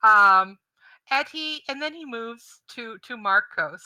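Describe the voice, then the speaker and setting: Woman running a tabletop game, really bright voice, slow and halting, dead dry mic. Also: a little high, expressive, smooth, dry recording, low-quality recording. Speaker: game master.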